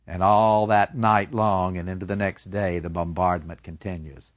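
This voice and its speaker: A man's voice: deep voice, moderate pace, no echo, dull audio. A man dramatically retelling a war story in the first person, acting out the quotes. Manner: animated, acts out quotes.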